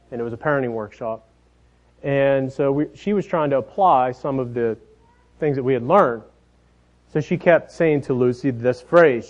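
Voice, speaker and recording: A man in his thirties preaching a sermon, telling family stories in a folksy way, often dropping softer at the ends of his phrases. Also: medium pitch. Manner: folksy storytelling, trailing off softly at phrase ends. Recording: dull lo-fi sound.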